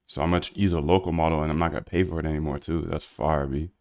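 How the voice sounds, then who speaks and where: A man's voice: a bass voice, steady tone, very fast, gravelly, darkish tone. A man streaming live while he codes, rambling in slangy casual talk to himself and his chat. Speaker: livestreaming programmer.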